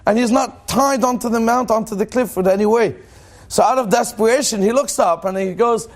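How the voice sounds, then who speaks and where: A man, a rabbi, teaching a Torah class in an animated, joking way and asking his listeners questions. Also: high-pitched, fairly quick.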